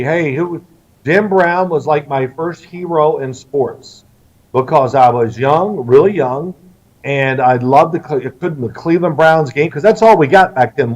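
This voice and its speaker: A middle-aged man from Kentucky, an interview guest telling lively family stories and acting out the lines of the people in them. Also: a little high. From Louisville, Kentucky, US. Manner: animated storyteller who acts out quoted lines. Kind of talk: storytelling interview. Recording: slightly distant, dull lo-fi sound.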